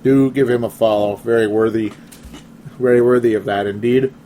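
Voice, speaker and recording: A man's voice: medium pitch, steady tone, normal speed, dark tone, a little hiss or hum. A young man hosting a casual sports talk show, rambling and laughing often as he reads listener comments. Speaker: podcast host.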